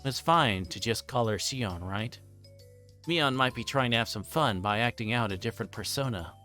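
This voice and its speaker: A man's voice: mid-range voice, lively intonation, moderate pace, sharp tone, soft background music. A male streamer reading a visual novel aloud on a livestream, narrating plainly with occasional stumbles and restarts.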